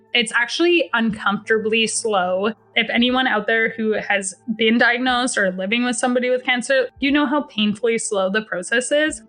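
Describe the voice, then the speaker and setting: Woman, slightly high voice, blunt and emphatic first-person storyteller who swears and acts out dialogue. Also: a bit bright. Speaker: podcast guest sharing a personal story.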